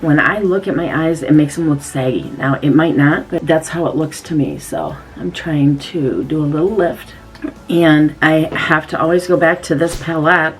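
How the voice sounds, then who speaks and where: Low-voiced woman chatting through makeup. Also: poor audio. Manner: chatty, demonstrating step by step. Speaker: beauty vlogger. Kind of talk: casual makeup tutorial.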